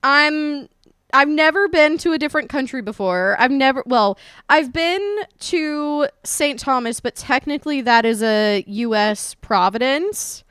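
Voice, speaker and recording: A woman's voice: sits high, animated, a little slow, fairly bright tone, no echo, studio quality. A woman live streamer chatting casually with her viewers, playful and profane.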